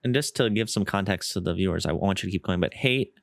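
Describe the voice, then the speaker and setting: A male podcast host talks casually with his guest, earnest and self-deprecating, his thoughts running on. His voice sits a little low. The recording is dry and close. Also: quick pace, gravelly, no room sound. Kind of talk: casual interview chat.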